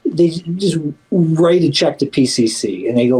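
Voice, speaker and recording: A man with a mellow, warm tone talks casually in an interview about his community work. He rambles and restarts, stacking up fillers, but keeps pressing his points with emphasis. When he quotes others, his voice turns livelier. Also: on the high side, animated, a little slow, breathy edge, low-quality recording.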